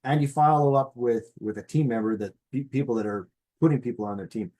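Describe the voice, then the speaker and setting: A man's voice: mid-range voice, a little fast, warm tone. A middle-aged man giving a motivational business presentation in a folksy way, often checking in with "okay?".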